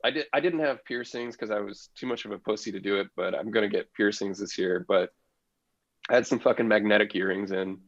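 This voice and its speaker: A man's voice: lowish voice, fairly quick, dry recording, highs cut off. A man, a comedian guest on a podcast, telling a story in casual chat, swearing freely and laughing often.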